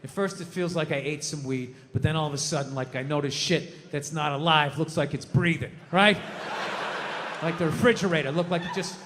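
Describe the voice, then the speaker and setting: A stand-up comedian in his fifties, ranting profanely on stage and breaking into shouts. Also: a little high, brisk. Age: 50s. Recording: echoey hall with loud crowd laughter.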